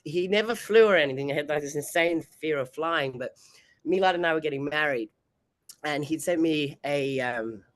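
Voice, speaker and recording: A woman's voice: low voice, normal speed, no echo. A woman, chatting as an interview guest and laughing often between sentences. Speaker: bodybuilding competitor and guest. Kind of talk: casual interview chat.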